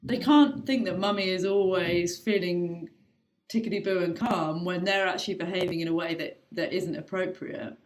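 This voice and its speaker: A woman's voice: fairly low pitch, moderate pace, low-quality recording. A woman co-hosting a casual chat, thinking aloud and affirming her partner.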